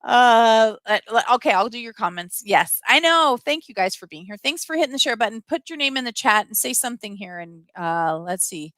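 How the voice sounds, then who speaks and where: A middle-aged woman hosts a casual live stream and reads out comments from viewers. Her voice sits a little high and sounds bright and forceful, and her delivery is emphatic and opinionated. The recording is dry, with almost no room sound. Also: animated, a little fast, hardly any pauses, no room sound.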